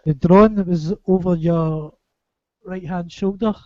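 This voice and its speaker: A man with a fairly high voice asks easygoing questions in a group chat. His audio is dry and close, with the dull, narrow sound of a lo-fi call. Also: fairly even intonation, a little slow, a little mellow, no room sound. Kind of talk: casual chat.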